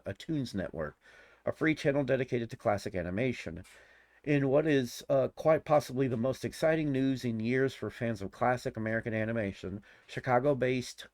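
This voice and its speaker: A man in his forties rambling in casual commentary, excitable and gushing, often restarting his sentences. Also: mid-range voice, no echo. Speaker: YouTuber.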